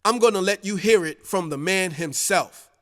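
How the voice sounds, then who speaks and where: A man's voice: high-pitched, moderate pace, big-room sound, lightly acted. A man voicing a confident father in the music business who talks in a lecturing way. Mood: assured.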